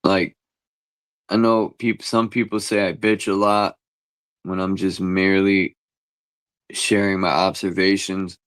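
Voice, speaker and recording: A man's voice: low-pitched, level tone, unhurried, pauses often, fairly bright tone, clear, resonant tone, no room sound. A man in a casual chat, ranting bluntly in slangy, everyday talk.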